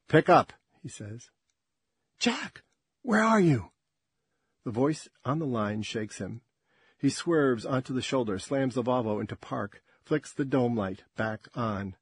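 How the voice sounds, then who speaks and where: A man reading a story aloud in a measured, dramatic way. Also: mid-range voice, a little mellow, breathy edge, no echo. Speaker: narrator. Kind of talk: audiobook-style story narration.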